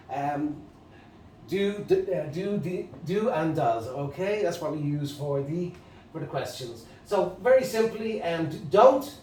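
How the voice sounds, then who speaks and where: A man with an Irish accent, teaching an English grammar lesson to camera, halting and full of fillers and restarts. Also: on the high side, darkish tone, a little hiss or hum. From Ireland. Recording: echoey room, mic at a distance.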